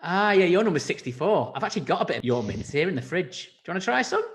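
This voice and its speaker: Sweary farmer, played by a man, put-on rural accent, blunt and offhand, very lively pitch. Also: fast talker. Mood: callous. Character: gruff, crude male farmer with a rural accent. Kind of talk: improvised comedy scene.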